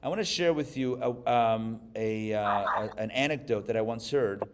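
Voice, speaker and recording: A man from Pittsburgh, a rabbi giving a live class, who tells stories and jokes in an animated way. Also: lowish voice, moderate pace, smooth. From Pittsburgh, USA. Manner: animated, joking storyteller. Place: live class before an audience.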